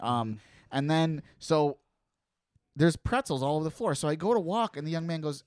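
Profane storytelling man, slightly high voice. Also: normal speed, no room sound, clean studio sound. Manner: profane, animated, acts out voices of people in his stories. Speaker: podcast co-host. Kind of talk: casual storytelling chat.

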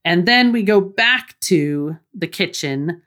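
A woman's voice: lowish voice, lively intonation, takes it slowly, fairly bright tone. A woman co-hosting a casual movie recap chat, chatty and enthusiastic. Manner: chatty, enthusiastic, laughs easily. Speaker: podcast co-host.

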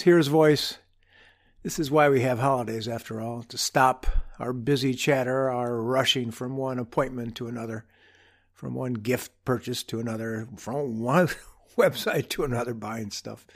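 A man at mid pitch hosting a reflective monologue, unhurried in his telling. He drops dry, humorous asides as he goes, his tone wry and easy. It sounds like a personal story shared with listeners. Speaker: podcast host.

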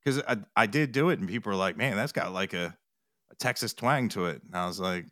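Speaking briskly in a lowish, bright and forceful voice, a man who reacts to music on TikTok guests on a podcast. His casual interview talk rambles, with restarts and quoted retellings, captured in clean studio sound with no echo.

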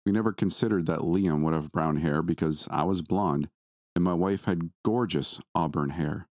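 A man with a very deep, low voice tells a first-person horror story. He reads at a calm, measured pace, close on a dry, dead mic. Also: no echo. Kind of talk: first-person scripted narration.

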